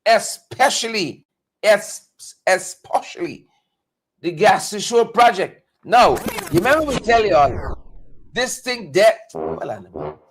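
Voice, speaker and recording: A man's voice: high-pitched, sing-song, slow pace. A man hosting a live political talk stream, greeting viewers by name and repeating phrases for emphasis. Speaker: host of a live political show. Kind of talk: casual live-stream commentary.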